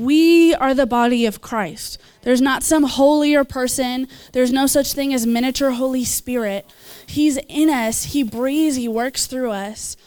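A woman's voice: sits high, a little mellow. A woman preaching and leading prayer at a church gathering, earnest and encouraging, with small asides and laughs. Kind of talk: sermon and altar call.

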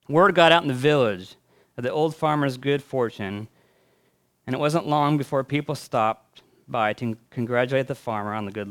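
A man preaching a sermon as a pastor. He tells a story with building phrases and hushed endings, then reflects with pauses and fillers. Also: medium pitch, clear, resonant tone.

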